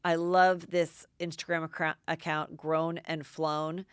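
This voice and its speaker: Middle-aged woman podcast host, chatty gossip recapper, lowish resonant tone. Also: a little slow, clean tone, no echo, studio quality. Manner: chatty, excitable recapping with many "like"s. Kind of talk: casual gossip commentary.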